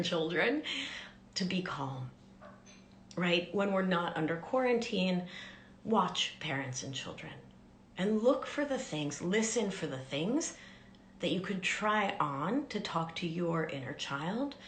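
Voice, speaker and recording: A woman life coach giving a gentle, soothing teaching talk on a live stream, often dropping into soft whispers. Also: lowish voice, roomy sound, slight background noise.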